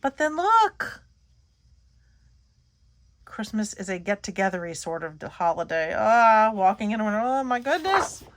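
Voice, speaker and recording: A woman's voice: medium pitch, big pitch swings, unhurried, long pauses, slight background noise. A middle-aged woman, chatting casually as she shows scrapbook paper, gushing and trailing off mid-sentence. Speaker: scrapbooking channel host. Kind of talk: casual show-and-tell chat.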